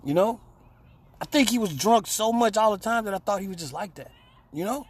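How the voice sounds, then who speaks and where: A man's voice: high-pitched, animated, fairly quick, slightly rough. A man on a radio talk show telling a rambling, profane story and acting out the quotes. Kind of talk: casual storytelling chat.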